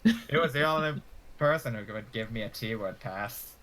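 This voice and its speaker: Low-voiced, swearing man in casual chat. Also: animated, normal speed, a bit bright, a little hiss or hum. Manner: profane, rambling, laughs mid-sentence. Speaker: tabletop game player.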